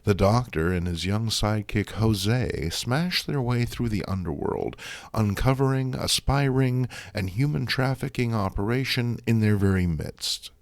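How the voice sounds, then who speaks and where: A man's voice: lowish voice, a little slow, vocal fry, no echo. A man hosting a show, narrating comic book reviews with a wry, sarcastic manner. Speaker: host.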